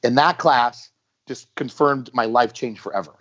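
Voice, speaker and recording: A man telling stories in a casual podcast chat, animated and acting out what people said. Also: medium pitch, moderate pace. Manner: storytelling, animated, acts out quotes. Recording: dull lo-fi podcast audio.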